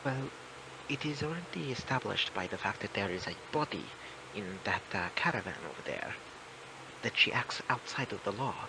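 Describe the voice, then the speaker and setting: Gravelly man with a noisy mic. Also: fairly low pitch, very animated, normal speed. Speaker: player. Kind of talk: tabletop game chat.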